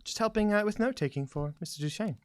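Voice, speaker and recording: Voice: medium pitch, expressive, fast talker, no room sound, clean studio sound, pitched above the performer's own voice, close to an everyday voice. Game master putting on a stammering shy young woman. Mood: timid. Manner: stammering, hesitant, polite. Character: shy, nervous young woman, timid helper.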